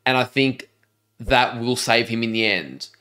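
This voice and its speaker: An Australian man co-hosting a show reviewing a TV episode, talking in an animated, enthusiastic way. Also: mid-range voice, measured pace. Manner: animated, enthusiastic, says "dude" often. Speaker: reaction channel co-host. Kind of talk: casual chat.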